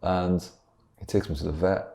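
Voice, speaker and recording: A man with a Yorkshire accent co-hosts a comedy podcast, telling a rambling improvised story. His voice is very low, gravelly and dark. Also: fairly even intonation, moderate pace. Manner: rambling, laughs at own jokes. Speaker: podcast co-host.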